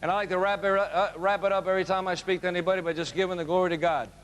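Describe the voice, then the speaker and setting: A man giving a motivational storytelling speech to a live audience, animated and emphatic. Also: sits high, rapid-fire, a little hiss or hum. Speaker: motivational speaker.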